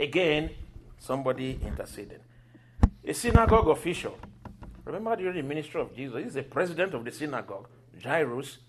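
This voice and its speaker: A man preaching a sermon, telling scripture stories with lively acted-out quotes and occasional laughter. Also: on the high side, slight background noise. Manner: animated storytelling, acting out quoted voices and laughing.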